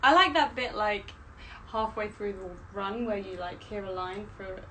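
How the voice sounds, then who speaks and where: A woman's voice: medium pitch, normal speed, pushed and bright, far from the mic, a little hiss or hum, low-quality recording. Wry young woman, a little off-mic. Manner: wry, teasing quips. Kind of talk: casual live-stream chat.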